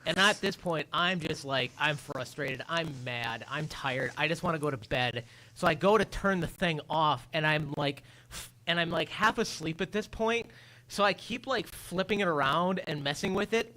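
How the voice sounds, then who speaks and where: On a casual morning radio show, a man spins an animated story, slipping into little acted voices and sound effects of his own. His slightly high voice rings bright and forward at a moderate pace, seemingly through a studio microphone.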